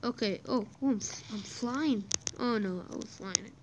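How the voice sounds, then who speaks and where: A woman giving casual gameplay commentary, excitable and playful, humming little tunes as she plays. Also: fairly high pitch, unhurried, dull audio. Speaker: gamer.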